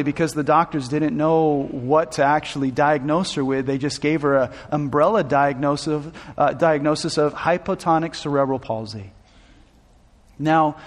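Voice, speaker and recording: A man preaching as a pastor, telling a personal story with emotion, restarting phrases as his intensity builds. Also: on the high side. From Southern California. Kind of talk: sermon storytelling. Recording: long hall reverb.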